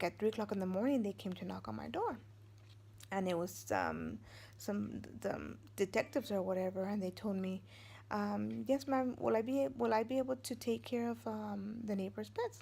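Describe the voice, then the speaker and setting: A woman's voice: medium pitch, expressive, measured pace, gravelly, darkish tone. A woman in her forties, a vlogger and mother of three, telling a story casually, rambling with many fillers and restarts and acting out what others said.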